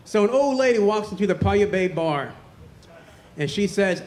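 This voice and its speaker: A man's voice: sits high, lively intonation, takes it slowly, pauses often, darkish tone. A man doing a crude, rambling stand-up set on a comedy club stage. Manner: crude, rambling joke delivery.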